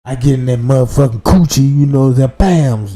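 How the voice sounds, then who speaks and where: A man hosting a livestream, telling a crude comic story in an animated rant that jumps between loud outbursts and low muttered asides. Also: normal speed. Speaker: livestream host. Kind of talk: profane comedic storytelling rant.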